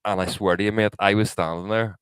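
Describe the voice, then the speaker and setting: A man's voice: fairly low pitch, fairly even intonation, fairly quick, a bit bright, clean tone, no room sound, low-quality recording. A man co-hosting a podcast, telling a story with lots of swearing and acted-out quotes. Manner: swears a lot, acts out quotes, laughs often. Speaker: podcast co-host. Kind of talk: casual storytelling chat.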